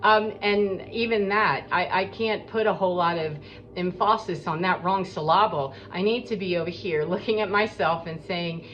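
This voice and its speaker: A woman's voice: on the low side, moderate pace, a bit bright. A woman giving an earnest, rambling spiritual monologue as a coach, talking in a preachy way. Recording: dull lo-fi with faint background noise.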